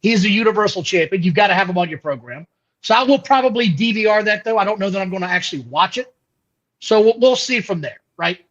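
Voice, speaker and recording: A high-voiced male host giving blunt, profane opinions on wrestling. His pitch leaps around animatedly, and the audio is dull and lo-fi. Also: lively intonation, quick pace, fairly bright tone. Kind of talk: casual wrestling podcast chat.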